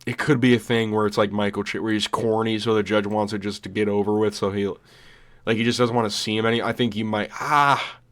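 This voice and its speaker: A man's voice: lowish voice, little pitch movement, brisk, a bit bright. Rambling, profane young man. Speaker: vlogger. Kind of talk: casual commentary.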